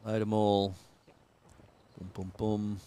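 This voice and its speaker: A man's voice: on the low side, level tone, takes it slowly, warm tone, a little hiss or hum. A man with an Australian accent doing casual live cricket commentary, joking and laughing often.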